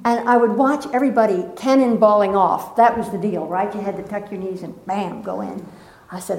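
With a mid-range voice and some vocal fry, a woman leads a spiritual gathering in an echoing meeting room. She slowly recites a poem, then tells lively personal stories and playfully gets the group involved in her inspirational talk.

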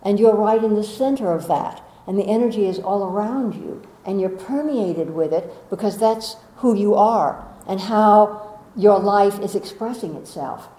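A woman giving a gentle, coaxing inspirational talk as a spiritual teacher, often asking rhetorical questions of her listeners. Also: mid-range voice, a little slow, reverberant, low-quality recording.

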